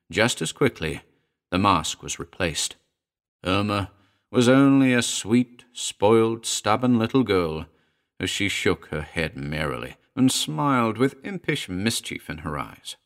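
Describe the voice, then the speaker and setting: A man narrating a short horror story in a dramatic reading, moving between hushed and urgent delivery. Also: low-pitched, expressive, slow pace.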